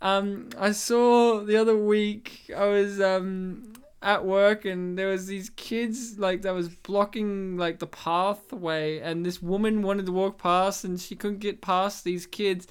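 A woman's voice: mid-range voice, fairly even intonation, slow, smooth. A chatty woman co-hosting a casual podcast, talking over a film scene by scene. She laughs easily, spins anecdotes, and keeps her friends in the conversation. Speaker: podcast co-host. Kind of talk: casual chat reviewing a film.

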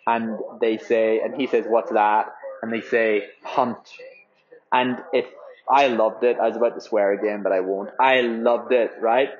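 A man's voice: lowish voice, fairly even intonation, moderate pace, muffled recording. A young man from Ireland, a marathon runner, talking casually with lots of fillers and free swearing. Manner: rambling, filler-heavy, swears freely. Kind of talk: casual spoken update.

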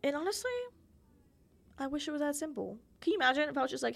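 A woman's voice: high voice, animated, fast, vocal fry, pauses often, a bit bright. A young woman hosting her own podcast, telling childhood stories in a chatty, giggly way and acting out quoted voices. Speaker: podcast host. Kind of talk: casual solo storytelling.

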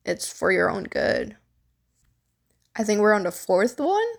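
A young adult woman vlogging straight to her viewers in an easygoing, unscripted way. She is blunt and swears freely, and her talk is full of "like" and "you know". Her pitch sits at an ordinary middle height for a woman. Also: big pitch swings, a little slow, gravelly. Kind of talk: casual advice talk to camera.

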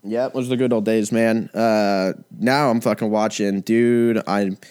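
A man in his twenties chatting casually and rambling, swearing a lot and sometimes breaking into loud impressions. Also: on the low side, unhurried, smooth. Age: 20s. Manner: profane, rambling, animated impressions. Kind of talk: casual chat.

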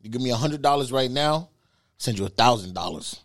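A man's voice: lively intonation, fast, a bit bright, lightly acted. A man putting on a scheming older Spanish-accented lady. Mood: coaxing. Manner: persuasive, pitching a money scheme.

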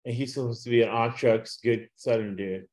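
A man hosting a sports betting podcast, talking casually and loosely, with lots of "uh" fillers and quick laughs. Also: medium pitch, fairly even intonation, darkish tone. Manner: rambling, frequent "uh" fillers, laughs at own jokes. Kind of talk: casual chat with picks.

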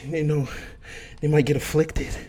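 A man co-hosting a podcast, ranting loudly in heated, profane, mocking commentary. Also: a little high, level tone, a little slow. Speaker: podcast co-host.

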